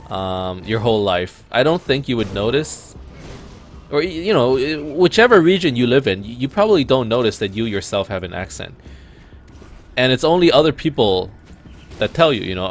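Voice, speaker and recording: A man's voice: medium pitch, normal speed, faint music behind. A young Canadian man chatting casually while playing a video game, rambling and often restarting his sentences. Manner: rambling, self-interrupting, animated. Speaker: let's play host. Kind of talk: casual gameplay commentary.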